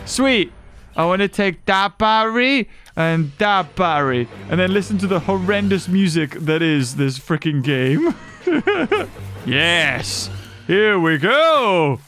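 An excitable man giving let's-play commentary, full of sarcastic asides and sudden exclamations. His voice is high for a man, and his pitch swings widely. Game music plays faintly behind him. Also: slow pace. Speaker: gaming YouTuber.

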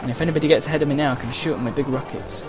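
Rapid-fire and steady in tone, a man with a voice on the high side rambles through casual racing commentary. Uhs, side stories and playful exclamations fill his let's-play, with game music and sound effects behind him.

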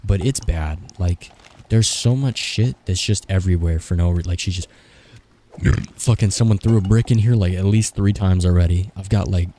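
A man's voice: sits low, moderate pace, mellow, a little hiss or hum. A young man in his twenties doing casual, frantic gameplay commentary, swearing and joking to himself as he plays. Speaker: gaming streamer.

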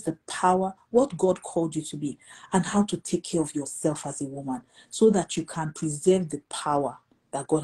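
A middle-aged woman pastor, telling a testimony in conversation and acting out the dialogue with lively jumps in pitch. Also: husky, rough recording. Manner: animated, acts out quoted dialogue with pitch jumps. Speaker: pastor and guest.

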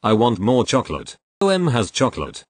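A man's voice: mid-range voice, huge pitch swings, a little fast, breathy edge, dry recording. A man voicing a whiny, unruly young boy in a read-aloud story.

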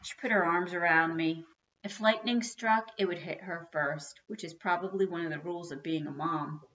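Bright-voiced woman reading a children's book. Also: on the low side, normal speed, muffled recording. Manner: expressive storytelling. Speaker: reader.

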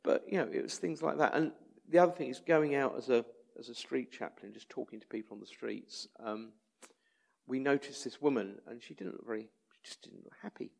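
A street chaplain with an English accent tells personal stories in a church talk, his medium-pitched voice gravelly, darkish, and a little fast. He narrates in a conversational, anecdotal way and acts out quoted voices.

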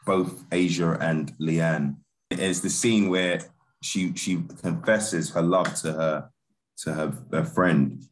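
A man's voice: deep voice, fairly even intonation, takes it slowly. A man, a film director talking casually as an interview guest, laid-back and laughing easily, with many restarts and fillers. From Britain.

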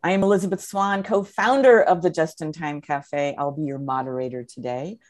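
A woman's voice: low-pitched, normal speed, darkish tone. A woman moderating a live webinar, upbeat and effusive, with frequent fillers as she introduces guests.

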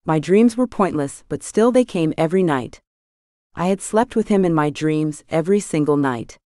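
A woman's voice: low voice, a little mellow, no room sound, studio quality. A woman narrating a romance audiobook in the first person, wistful and confiding.

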